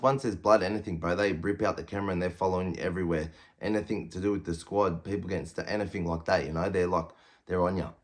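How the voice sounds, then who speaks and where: A man in his thirties with an Australian accent, telling a prison story bluntly, swearing constantly and acting out what people said. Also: sits low. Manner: blunt, heavy swearing, quotes himself and others in raised voices. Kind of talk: casual storytelling.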